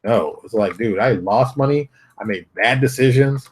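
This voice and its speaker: At a moderate pace and in a mid-range voice, a man hosting his own show rants bluntly in a motivational vein, with slight background noise behind him. He repeats himself brashly and puts on voices to mock other people.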